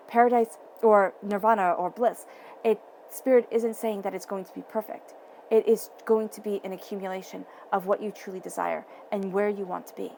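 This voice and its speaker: With vocal fry and a slightly mellow quality, a woman's mid-range voice carries a tarot reading for viewers. She leans hard on her key phrases and repeats them, while a little hiss or hum runs underneath.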